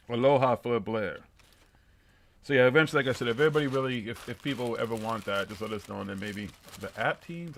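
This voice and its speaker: A man's voice: mid-range voice, fast talker, fairly bright tone. A man in his fifties, co-hosting a live show, chatting casually, swearing freely and laughing often. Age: 50s. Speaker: podcast co-host. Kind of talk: casual profane chat.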